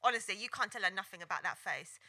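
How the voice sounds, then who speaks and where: A woman's voice: mid-range voice, lively intonation, fast, pushed and bright. A woman co-hosting a podcast in a studio, playful and cheeky, swearing freely in casual chat. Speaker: podcast co-host.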